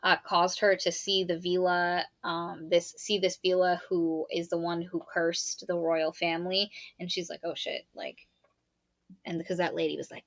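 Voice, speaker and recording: A woman co-hosting a podcast, retelling a novel's plot in casual, animated chat, swearing and quoting characters. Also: on the low side, moderate pace, dry recording, highs cut off. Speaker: podcast co-host. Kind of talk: casual book review chat.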